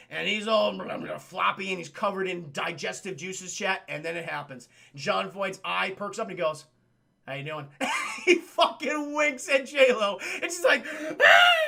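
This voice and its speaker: A man streaming a profane film recap to his chat, animated and acting out characters in goofy voices. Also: high-pitched, creaky.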